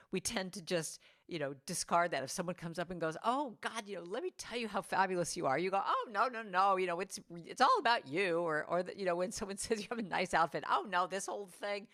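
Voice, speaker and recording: A middle-aged woman giving a spiritual talk to a congregation over a video call, animated and playful, acting out the quotes she tells. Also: on the low side. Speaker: guest speaker and singer.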